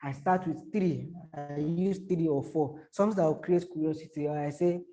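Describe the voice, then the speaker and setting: A man with a fairly high, mellow voice teaches a small audience how to write social media captions. He repeats himself, speaks haltingly, and breaks off into spoken examples.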